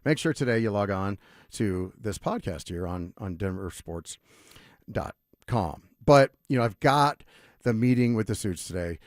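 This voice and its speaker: A middle-aged man holds the mic on a sports talk show. His voice swoops up and down as he rambles through an animated story. The studio sound is close and dry, with no room echo. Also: lowish voice, measured pace. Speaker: sports radio host. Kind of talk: casual radio talk and storytelling. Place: radio studio.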